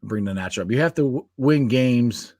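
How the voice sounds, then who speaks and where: A man co-hosting a casual sports podcast, talking in an animated way, laughing often and restarting his sentences. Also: medium pitch, a little fast, dry recording, studio quality. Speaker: podcast co-host.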